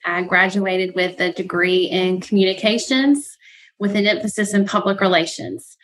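A woman from Alabama, a guest on a podcast, answers in a composed, measured way. Her voice is strikingly bright and forward. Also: mid-range voice, steady tone, rough recording. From Mobile, Alabama. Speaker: podcast guest, university staff. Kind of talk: interview answers.

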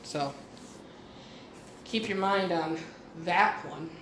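A woman's voice: fairly low pitch, extremely slow, a bit bright, a little hiss or hum. A woman hosting a podcast, telling rambling stories in a blunt, casual way and swearing freely. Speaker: podcast host. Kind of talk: casual storytelling monologue. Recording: echoey room with faint ambience.

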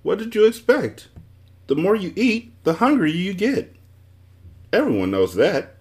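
A man's voice: sits high, sing-song, unhurried, pitched above the performer's own voice. A man doing a lofty, fussy number wizard. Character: fussy, self-assured male wizard of numbers.

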